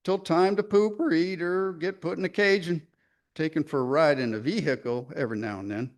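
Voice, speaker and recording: A man's voice: a little high, fairly quick, lightly acted. A man voicing a proud, scrappy barn cat in a folksy country dialect, reading a poem aloud. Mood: boastful. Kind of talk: dramatic poetry reading.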